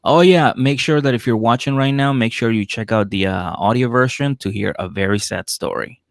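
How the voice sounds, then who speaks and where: Guy with a gravelly lowish voice rambling on a podcast, laughs a lot, dry close mic. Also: brisk, no echo. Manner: loose and rambling, with frequent laughs and filler words. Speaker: comedy podcast co-host. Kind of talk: casual chat recapping a reality show.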